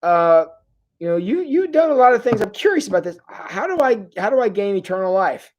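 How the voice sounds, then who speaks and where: A preacher voicing a nervous, flustered man asking questions in the dark, with exaggerated disbelief. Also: mid-range voice, very animated, fairly quick, lo-fi sound, lightly acted. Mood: incredulous. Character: flustered nervous male Pharisee, incredulous.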